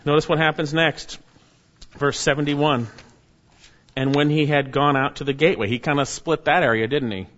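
A man's voice: fairly high pitch, steady tone, normal speed, a bit bright, big-room sound, lo-fi sound. A man preaching an expository sermon, reading scripture verses aloud and then explaining them in an earnest manner.

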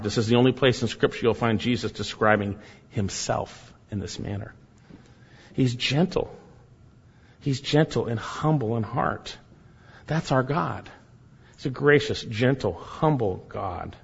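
A man preaching a sermon, emphatic, repeating key phrases and swinging between loud and soft delivery. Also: medium pitch, a little slow, gravelly, slightly rough. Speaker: pastor. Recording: dull sound with long hall reverb.

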